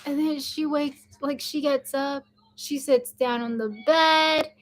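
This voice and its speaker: Chatty young woman, high voice. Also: steady tone, slow pace. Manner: chatty, many fillers like "like" and "um". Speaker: vlogger. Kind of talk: casual storytelling to camera.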